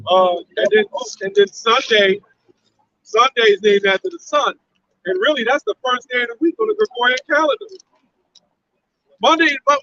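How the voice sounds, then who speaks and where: A man's voice: very high voice, pushed and bright. A man giving an emphatic biblical teaching, breaking into laughs between his points. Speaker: religious teacher. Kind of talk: street-style biblical teaching. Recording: distant, dull lo-fi recording.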